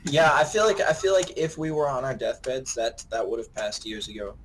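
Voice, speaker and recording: A man's voice: mid-range voice, brisk, fairly bright tone. Chatty man over a noisy call. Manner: brainstorming, laughs often. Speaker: podcast co-host. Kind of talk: casual chat.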